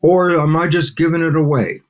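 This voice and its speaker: Older man, guest scientist, lively storytelling, slightly high pitch. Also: moderate pace. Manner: animated, acts out back-and-forth dialogues. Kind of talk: interview conversation.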